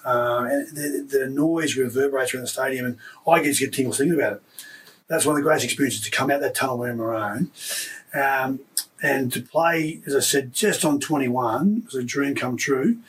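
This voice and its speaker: A man in his fifties, a former rugby league player, telling stories in an interview with emotional, animated delivery and frequent restarts. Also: mid-range voice, fairly quick, far from the mic, a little hiss or hum, low-quality recording. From Australia. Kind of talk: casual storytelling interview.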